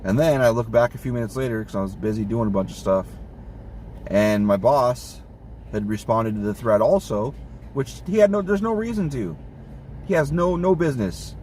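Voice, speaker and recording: A man's voice: medium pitch, lively intonation, normal speed, darkish tone, far from the mic, slight background noise. A man venting in a casual monologue, swearing often and getting exasperated. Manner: profane, exasperated ranting.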